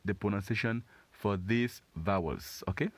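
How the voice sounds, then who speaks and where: A man giving a patient pronunciation lesson, slowly repeating words and encouraging learners. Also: on the low side, no echo. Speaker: French teacher.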